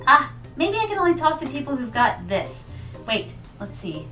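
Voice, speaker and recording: American woman streamer, high bright voice, rambling and playful. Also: big pitch swings, moderate pace, far from the mic, low-quality recording. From United States. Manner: playful, rambling, chatty with viewers. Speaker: VTuber streamer. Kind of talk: casual game stream chat. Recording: mic set back, music behind.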